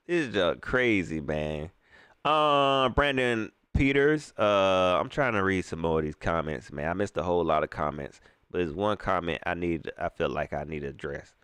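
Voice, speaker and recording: With a low, smooth, fairly bright voice, a man hosting a sports fan live stream speaks expressively at normal speed. He vents in slangy, filler-heavy talk and hurls emphatic rhetorical questions while reading viewer comments, all in a dry, clean studio recording.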